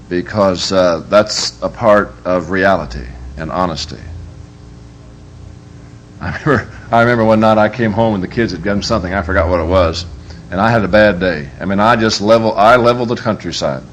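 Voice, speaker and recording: A man's voice: deep voice, normal speed, long pauses, slight background noise. A man giving a humorous live parenting workshop as a preacher, telling stories with emphatic, joking delivery. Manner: lively, joking, emphatic storytelling.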